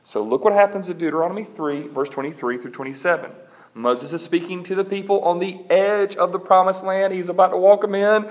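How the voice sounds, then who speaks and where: A man preaching a sermon, telling a scripture story with humor and animated delivery and reading verses aloud. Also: sits high, a little fast. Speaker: pastor.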